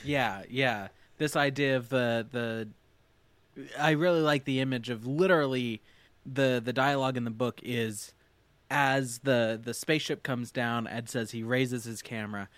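A man's voice: mid-range voice, fairly even intonation, unhurried, fairly bright tone, dry recording. A man guesting on a podcast, chatting casually and joking around. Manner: joking, playful mock voices. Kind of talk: casual chat.

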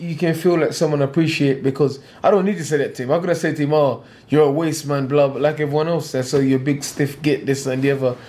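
A man's voice: medium pitch, a little mellow. A man, a boxer talking bluntly and getting heated in an interview, repeating himself. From England. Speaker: professional boxer.

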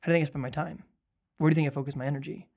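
A grieving male pastor speaks in a slightly high voice with an earnest, conversational delivery. He now and then drops to a soft hush to voice what others say. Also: fairly even intonation, racing, creaky, husky. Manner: earnest, quotes others in soft hushed asides. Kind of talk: conversational podcast talk.

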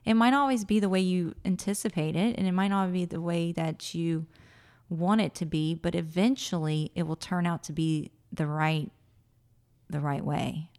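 Woman, late 30s, interview guest, slightly low voice with a gravelly edge, animated storyteller. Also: normal speed. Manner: animated, acts out her own quoted thoughts.

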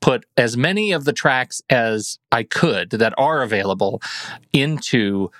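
A man co-hosting a podcast in easy, rambling chat. He trips over his own sentences and jokes at his own expense. His voice sits at an ordinary middle pitch, recorded close and dry. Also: animated, measured pace, fairly bright tone, dry recording. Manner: self-deprecating, rambling with restarts. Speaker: podcast co-host.

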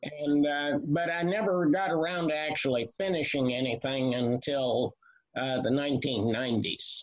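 Older man, slightly high, muffled. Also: steady tone. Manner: measured, pauses often with "uh". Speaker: author guest. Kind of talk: casual interview chat. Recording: lo-fi, muffled sound.

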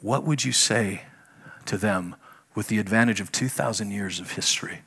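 Husky middle-aged man preaching with swings. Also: moderate pace. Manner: conversational, swings between loud emphatic bursts and hushed low lines. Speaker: pastor. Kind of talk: sermon.

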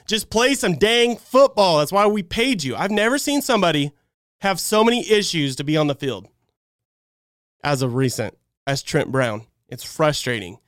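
A man's voice: on the high side, expressive, normal speed, a bit bright, no room sound, studio quality. A man hosting a live fan stream, breaking down a game in a heated, exasperated rant. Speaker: fan channel host.

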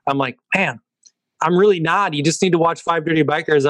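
A man's voice: on the high side, moderate pace, pauses often, a bit bright, no room sound, clean studio sound. A man in casual podcast talk, telling a short anecdote with laughter.

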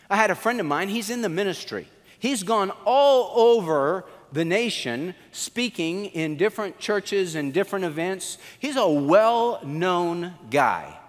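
A man pastor preaching a sermon, telling the story in an animated way and acting out the quotes. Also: in a large hall. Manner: animated storytelling, acts out quotes with swings in pitch.

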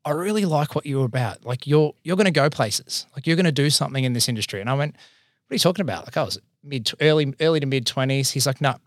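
An Australian man in his thirties, an accountant and business owner, telling his career story in a casual, animated way, acting out the voices he quotes. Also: medium pitch, quick pace, hardly any pauses, dry recording, studio quality.

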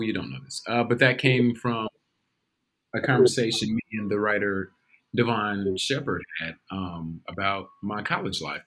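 A man chatting casually, telling a laid-back story and cracking jokes. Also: on the low side. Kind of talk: casual chat.

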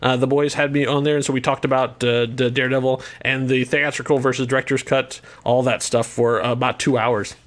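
A man co-hosting a casual movie podcast, speaking at an ordinary mid pitch. He talks in a relaxed, conversational way, with the odd restart. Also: fairly quick, few pauses. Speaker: podcast co-host.

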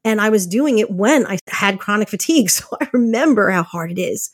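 A woman hosting a podcast, chatting casually about rest and faith, lively and laughing often as she acts out little quotes. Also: medium pitch, a little fast, no room sound, studio quality. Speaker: podcast host. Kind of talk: casual faith-based self-care talk.

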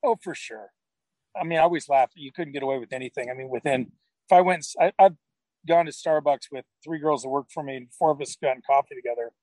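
A man's voice: a little high, fast, darkish tone, no echo, poor audio. A middle-aged man chatting casually as an interview guest, rambling and restarting his sentences as he tells stories. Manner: rambling, self-correcting storyteller. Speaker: podcast guest.

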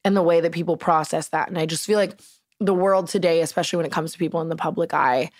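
Young woman guest; very low pitch, dry close sound, chatty, filler-heavy casual talk. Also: steady tone, fast, dry recording. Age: young adult. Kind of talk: casual podcast conversation. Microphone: close podcast mic.

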